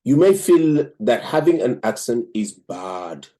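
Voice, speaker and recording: An African host with an African accent reviews a book and reads it aloud, measured in pace and pausing frequently with "um." His voice is warm and medium-pitched, with big pitch swings.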